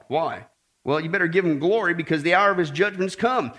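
A man preaching a sermon as pastor before a congregation, animated and joking with the people as he reads and comments on scripture. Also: a little high, fairly quick.

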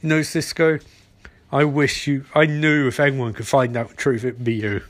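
A man voicing a calm male mentor revealed as a killer, in a soft, quiet delivery. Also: medium pitch, normal speed, no room sound, pitched below the performer's own voice, close to an everyday voice. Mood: coldly tender.

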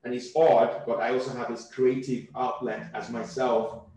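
A man from Nigeria, a comedian speaking as a guest in a casual interview, quick and animated, often repeating words as he thinks. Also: mid-range voice, a little hiss or hum. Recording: very echoey room.

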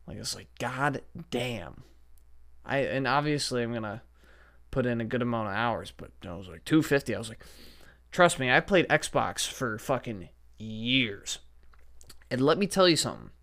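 A man's voice: medium pitch, lively intonation, normal speed, fairly bright tone. A young man hosting a casual solo podcast from a basement at home, rambling and cursing in an exasperated way into his podcast microphone. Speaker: podcast host. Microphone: podcast setup microphone.

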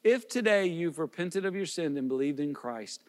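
A man's voice: on the high side, lively intonation, moderate pace, big-room sound. A man preaching as a pastor, earnest and pleading, with repeated questions and small restarts. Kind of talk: sermon.

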